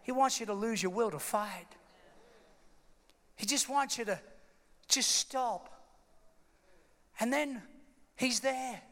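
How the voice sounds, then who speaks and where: A man's voice: extremely high pitch, takes it slowly, pauses often, a bit bright. A man preaching a sermon, dramatically retelling a story and acting out its scenes. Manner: dramatic, emphatic, acts out scenes. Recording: long hall reverb.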